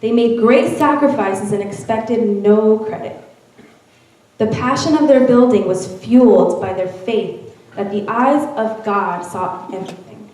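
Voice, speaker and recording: A woman reading a first-person narrative aloud with expressive storytelling at a church event. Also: fairly high pitch. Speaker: reader at a church Mother's Day event. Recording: very echoey room, from far off.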